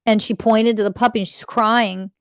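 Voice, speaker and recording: A woman's voice: fairly high pitch, steady tone, normal speed, smooth, dry recording, clean studio sound. A woman hosting a spiritual self-help podcast, speaking emphatically and intensely and swearing freely. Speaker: podcast host.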